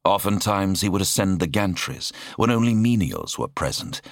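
A man narrates an audiobook in a very low voice. His delivery swings widely in pitch for drama. The recording is dry and close, with no room sound. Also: normal speed, no room sound. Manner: dramatic, expressive reading.

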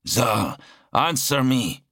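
A man's voice: on the low side, animated, takes it slowly, pushed and bright, dry recording, studio quality, full character voice. A man voicing a grim armored warrior squad leader in an audiobook, terse and commanding. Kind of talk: audiobook character voice.

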